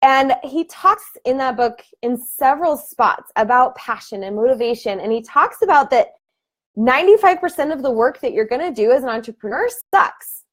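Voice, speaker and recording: Thirties woman coach, casual chatty delivery, frequent laughs, higher voice, webcam sound. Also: moderate pace. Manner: chatty, laughs often, animated bursts. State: emotional. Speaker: fitness team coach. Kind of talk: live video team call.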